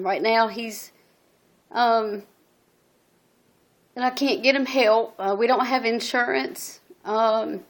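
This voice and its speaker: A middle-aged woman speaks into her phone in a personal video testimony. Her pitch stays flat and narrow. She talks earnestly and haltingly, stopping often on "um" and restarting her sentences. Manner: halting, many ums and restarts; earnest and emotional. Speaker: single mother telling her story.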